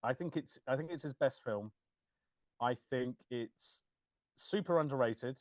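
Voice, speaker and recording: A man's voice: mid-range voice, measured pace, no echo. A man, chatting casually as a podcast co-host, laughing and acting out quoted lines. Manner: animated, laughing, swears, acts out quoted lines. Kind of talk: casual chat.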